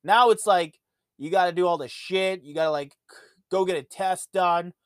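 Laid-back man, slightly high voice. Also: normal speed, clean tone, dry recording, clean studio sound. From Ontario, Canada. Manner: rambling, profane, laid-back storytelling. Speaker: podcast host. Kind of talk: casual monologue.

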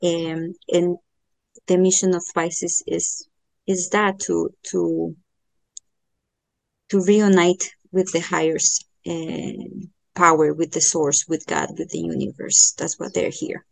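Slow-talking woman with dry close sound. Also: lowish voice, little pitch movement, gravelly, no room sound. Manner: slow, thoughtful, many fillers and restarts. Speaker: astrologer giving a chart reading. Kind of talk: podcast interview, explaining.

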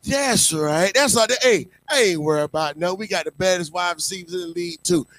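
A man in casual podcast chat, bragging loudly about his team. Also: high voice, fairly quick. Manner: hyped, boastful sports talk.

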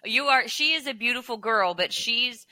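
A woman co-hosting a podcast, agreeable and quick to chime in during casual chat. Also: fairly high pitch, lively intonation, pushed and bright, low-quality recording. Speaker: podcast co-host.

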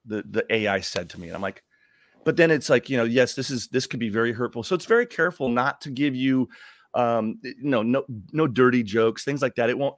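Man, mid-pitched voice, rambling animated storyteller, dry close sound. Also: dry recording. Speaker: guest, comedian. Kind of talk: casual chat.

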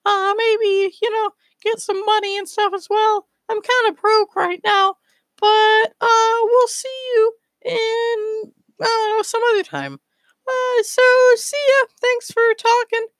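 A man's voice: extremely high pitch, flat delivery, slow pace, a bit bright, dry recording, clean studio sound, voice pushed up, full character voice. A man voicing a cocky, broke young male space squirrel who talks in a slangy, offhand way. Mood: breezy.

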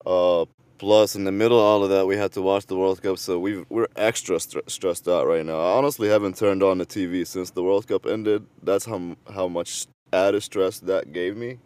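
A man from the United States guesting on a casual football podcast, with a very deep, smooth voice. He talks in an easy, friendly way and trips over a word now and then. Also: fairly even intonation, moderate pace, darkish tone, dry recording. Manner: laid-back, friendly, stumbles over words. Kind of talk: casual sports podcast chat.

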